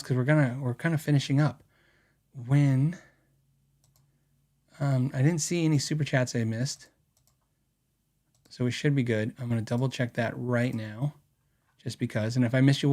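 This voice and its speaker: A chatty man hosting a podcast, his voice sitting a little high for a man. He rambles in a casual livestream way, laughs often and swings upward when something amuses him. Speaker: podcast host.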